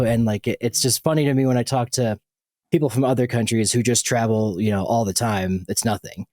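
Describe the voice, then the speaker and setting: A man hosts a podcast in a loose, rambling way, full of fillers and restarts. His voice sits at a middle pitch for a man. The recording is dry and close. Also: brisk, a little mellow, no room sound. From United States. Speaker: podcast host. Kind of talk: casual chat.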